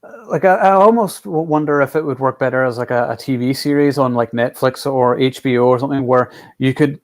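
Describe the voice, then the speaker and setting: A man in his forties, co-hosting a casual movie chat, speaking in a measured, hesitant way with plenty of fillers. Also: mid-range voice. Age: 40s. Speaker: co-host of a movie podcast.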